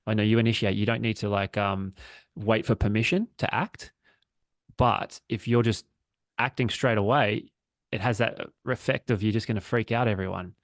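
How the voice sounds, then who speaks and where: Gravelly man, relaxed podcast chat. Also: fairly low pitch, normal speed, no room sound, clean studio sound. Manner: relaxed, reflective, swearing freely. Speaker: podcast co-host. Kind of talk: casual chat.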